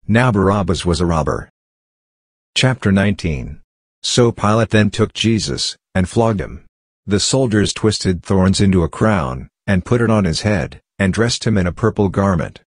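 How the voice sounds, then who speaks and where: A man giving a steady, measured scripted Bible reading. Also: low-pitched, no room sound. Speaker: scripture reader.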